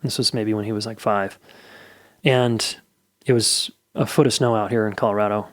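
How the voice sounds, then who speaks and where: A man's voice: on the low side, steady tone, moderate pace, no echo, clean studio sound. Blunt, candid middle-aged man podcasting. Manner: candid, blunt, swears casually. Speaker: podcast host. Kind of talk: solo advice podcast monologue.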